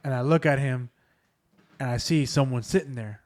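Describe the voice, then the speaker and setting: With a darkish, medium-pitched voice at a moderate pace, this podcast host rambles through family ghost stories full of fillers, keeping the storytelling casual.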